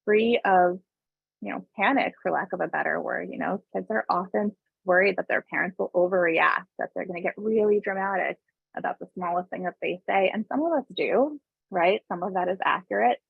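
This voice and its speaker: A woman giving a parenting webinar in a calm, conversational way, with a gravelly voice full of vocal fry. Her voice is very husky and breathy. It comes over a tinny, dry, phone-like line. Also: fairly low pitch, brisk, no echo. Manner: conversational, often adds tag questions; calm explaining tone, briefly voices parents and kids. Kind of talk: informal online presentation.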